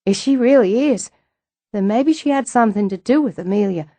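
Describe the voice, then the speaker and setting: A woman voicing an eager, worried young woman in an audiobook, quick and questioning. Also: fairly high pitch, animated, warm tone, no room sound. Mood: curious.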